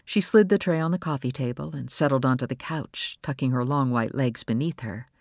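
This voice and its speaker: A woman narrating a novel in a calm, measured audiobook reading. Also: rumbling low, creaky, dry recording, studio quality.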